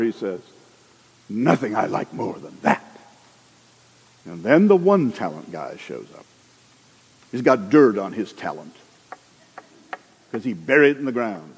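Husky guy preaching, swoops his pitch all over, long church echo. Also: normal speed. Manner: animated, acts out characters in the stories. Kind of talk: sermon.

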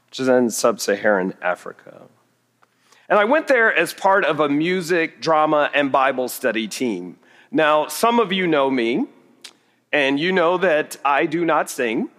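A man's voice: medium pitch, fairly bright tone. A middle-aged man preaching a sermon, telling stories with humor and poking fun at himself. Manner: humorous, self-deprecating storytelling. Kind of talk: storytelling sermon. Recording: reverberant hall.

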